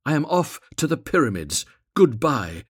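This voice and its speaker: A man's voice: medium pitch, huge pitch swings, husky, dry recording, studio quality, pitched above the performer's own voice, heavily acted. A man voicing a fussy little swallow. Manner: prim, talkative, quick to complain.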